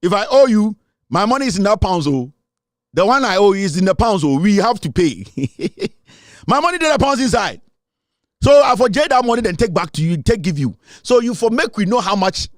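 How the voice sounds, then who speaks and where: A man's voice: high voice, sing-song, normal speed, no echo, clean studio sound. A man from Ghana with a Ghanaian English accent, delivering a mocking, taunting political rant as a commentator and laughing often. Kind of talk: ranting online commentary.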